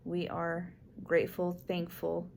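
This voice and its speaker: A young woman talks slowly and softly from a hospital room, her voice sitting a little low. She sounds emotional and grateful, with a faint hum of the room behind her. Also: completely flat delivery, vocal fry. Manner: soft-spoken, emotional, grateful. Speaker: expectant mother vlogger. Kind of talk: casual heartfelt chat.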